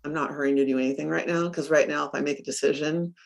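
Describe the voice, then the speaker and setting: A middle-aged woman coach in a casual interview, telling stories with lively acted-out quotes and frequent laughs. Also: deep voice, fast talker, gravelly. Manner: animated storyteller, acts out her own quotes, laughs often.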